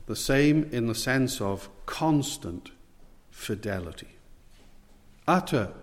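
A man of middle pitch delivers an expository sermon, earnest and measured, now and then putting questions to his listeners. His voice carries a long reverb, as from a church hall. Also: animated. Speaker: preacher.

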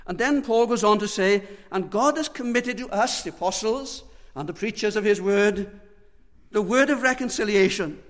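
Impassioned high-voiced preacher in a reverberant hall. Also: male voice, moderate pace. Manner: impassioned, pleading preaching with wide swings between loud and hushed. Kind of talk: sermon.

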